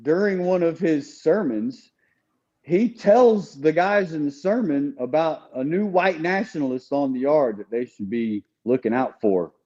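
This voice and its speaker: A man's voice: a little high, unhurried, dark tone, dull audio. A man speaking as a guest in a casual conversation, recounting his experiences in an earnest, candid way. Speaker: guest telling his story.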